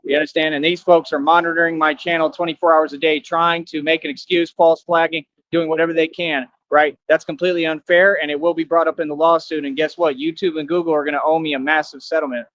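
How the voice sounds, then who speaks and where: A man's voice: a little high, level tone, fast talker, hardly any pauses, a bit bright, dry recording, highs cut off. A man on a livestream, boasting and trash-talking his viewers in a brash, confrontational, slangy way.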